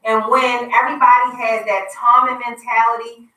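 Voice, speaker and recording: A woman hosts a casual radio talk show, chatty and teasing as she plugs an upcoming event. Her voice is bright and forceful. It sounds roomy, as if she sits a bit back from the mic. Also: mid-range voice, moderate pace, far from the mic. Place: radio studio.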